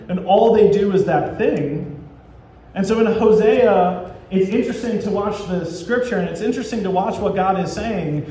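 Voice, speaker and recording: Higher-pitched man preaching in echoey church. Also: warm tone. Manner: storytelling, acting out dialogue between God and people. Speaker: pastor. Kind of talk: sermon. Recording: echoey church sanctuary with faint ambient noise.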